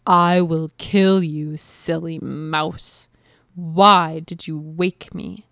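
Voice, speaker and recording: A woman voicing a huge, proud male lion in a storybook reading, in a lower, gruff and mocking voice. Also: slow, a bit bright, dry recording, clean studio sound. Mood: angry.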